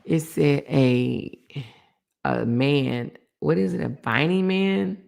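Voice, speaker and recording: A middle-aged woman hosting a casual livestream chat and reading viewer comments aloud, animated and chatty, repeating phrases for emphasis. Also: deep voice, slow pace, vocal fry. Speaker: host.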